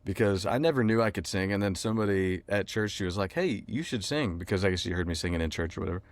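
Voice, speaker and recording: A man's voice: low voice, fairly even intonation, very fast, no room sound. A man from Texas, a musician guest chatting casually and loosely in an interview. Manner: laid-back, rambling, lots of fillers.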